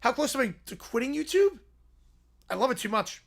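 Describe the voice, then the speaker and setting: A man's voice: very high voice, big pitch swings, a little fast, vocal fry. A man hosting a livestream, chatting casually and rambling as he reacts to videos, chuckling now and then. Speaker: livestream host.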